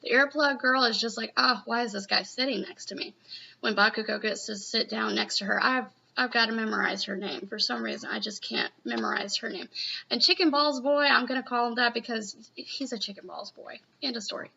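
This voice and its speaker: A woman's voice: fairly high pitch, fairly even intonation, a little fast, gravelly, pushed and bright, slightly rough. A woman chatting casually in a live reaction video, rambling and gushing with lots of "you know.". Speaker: manga reaction vlogger. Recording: muffled lo-fi home recording.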